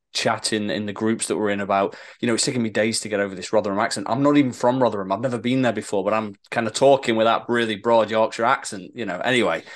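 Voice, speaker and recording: A man from Lincolnshire, co-hosting a podcast in casual, playful, teasing chat. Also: fairly low pitch. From Lincolnshire, England. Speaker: podcast co-host.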